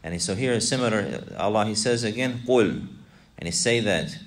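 Male religious teacher, deep voice, repeats himself, quizzes the class. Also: fairly quick. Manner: repetitive, asks students questions, mixes Arabic recitation. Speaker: Islamic teacher. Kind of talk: classroom lesson explaining a text.

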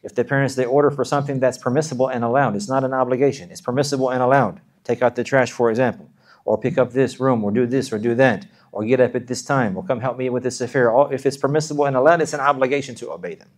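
A man preaching an earnest sermon at a brisk pace. He repeats himself often, restarts words, and breaks into rapid chanted recitation. His pitch sits in an ordinary middle range for a man. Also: steady tone. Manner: earnest, repetitive, many restarts, recites verses in quick chant. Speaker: Islamic preacher.

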